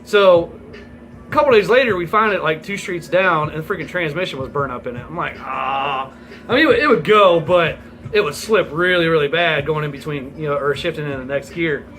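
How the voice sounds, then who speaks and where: Bright-voiced man telling a rowdy story. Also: a little high, animated, fairly quick, slight background noise, rough recording. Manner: rambling, profane, laughs through the story. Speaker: vlogger. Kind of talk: casual storytelling.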